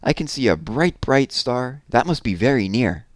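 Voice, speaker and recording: A man voicing a small, curious baby barn owl from a storybook, wide-eyed and excitable. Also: mid-range voice, moderate pace, no echo, studio quality, lightly acted. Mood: eager.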